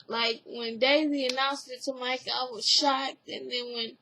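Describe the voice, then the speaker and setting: Slow, high-voiced woman recapping TV. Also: steady tone, bright, forceful tone, a little hiss or hum, low-quality recording. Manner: rambling, heavy use of "like" and "you know"; earnest and emotionally open. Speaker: TV recap vlogger. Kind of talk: casual spoken episode review.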